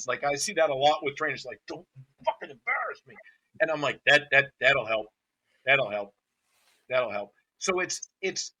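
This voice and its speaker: A man's voice: fairly high pitch, sharp tone, breathy edge. A man who hosts a podcast as a dog trainer, talking bluntly and animatedly and swearing freely. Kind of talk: casual podcast chat.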